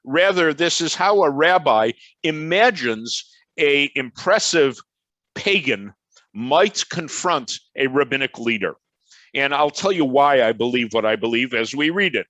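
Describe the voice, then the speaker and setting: A man's voice: on the high side, fairly bright tone, no echo, poor audio. An older man from Chicago with a Chicago accent, a professor giving an online lecture over a video call in a conversational, anecdotal way that often wanders. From Chicago, USA.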